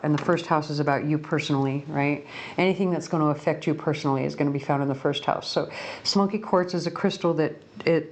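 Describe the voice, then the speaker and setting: At home in a room by a window, a woman with a deep voice does a casual pick-a-card tarot reading. She chats and rambles, often correcting herself, over slight background noise.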